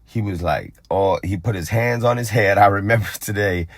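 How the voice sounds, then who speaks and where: A man's voice: deep voice, steady tone, brisk, hardly any pauses, no echo. A young adult man from Phoenix tells a street story in a casual, profane way and acts out other people's lines. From Phoenix, Arizona. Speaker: storyteller on a vlog channel.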